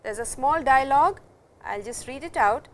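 A woman teaching a language lesson, explaining slowly and repeating each example sentence. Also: high-pitched, animated, poor audio. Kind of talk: classroom lecture.

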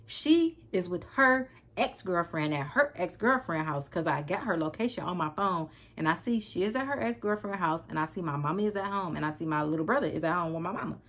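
A woman's voice: lowish voice, a bit bright. Brief: a woman vlogger on a storytime video, dramatic and slangy, speaking straight to her viewers. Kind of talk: storytime vlog.

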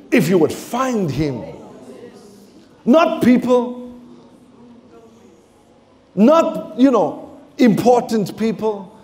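A South African man preaching a sermon in a church, impassioned, swinging from shouted declarations to low murmurs. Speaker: pastor. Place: church sanctuary with congregation.

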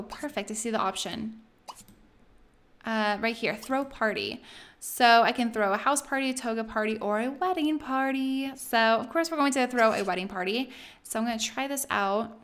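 Excitable young woman narrating gameplay. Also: a little high, a little hiss or hum. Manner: chatty, excitable, squeals and laughs often. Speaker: let's play host. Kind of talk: casual gameplay commentary.

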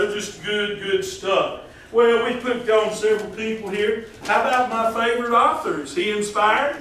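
High-voiced man, folksy preaching, jokey questions to the pews, echoey church hall, distant mic. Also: fairly bright tone, slight background noise. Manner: joking, asks the congregation questions. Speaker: pastor. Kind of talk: folksy sermon.

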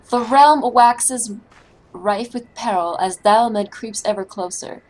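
A woman voicing a pompous gentleman inspector, reading game dialogue aloud in a grand, old-fashioned formal manner. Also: fairly high pitch, low-quality recording.

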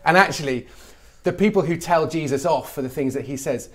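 A middle-aged English comedy writer speaks animatedly in a conversational interview, slipping into mock voices whenever he quotes people. His voice is fairly high and fairly bright, and he talks briskly.

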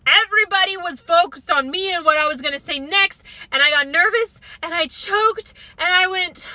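A young adult woman with a high, very bright voice tells a comic story, animated and self-mocking. The sound is dry and close. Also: normal speed, few pauses, no echo. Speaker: comedian.

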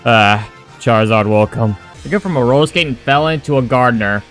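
A man's voice: medium pitch, a little fast, a bit bright, faint music behind. A man giving sarcastic, crude, joking commentary over his game playthrough. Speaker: gaming video creator.

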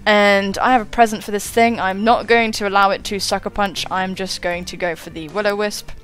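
Woman streamer in her twenties, casual and chatty, average pitch, faint background music. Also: steady tone, a little fast, a bit bright. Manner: chatty, self-mocking, swears and laughs often. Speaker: gaming YouTuber. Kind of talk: casual battle commentary.

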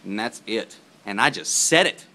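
A man's voice: fairly low pitch, expressive, normal speed, pushed and bright. Profane, rambling man ranting with big swings. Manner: profane, laughing, digressing. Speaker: vlogger. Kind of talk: rambling casual rant to camera. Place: outdoors in heavy rain.

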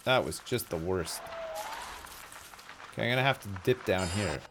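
Lively, swearing male game streamer. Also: low voice, normal speed, crowd noise, background noise. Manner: joking, self-mocking, swears freely, talks to chat. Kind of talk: live gameplay chat.

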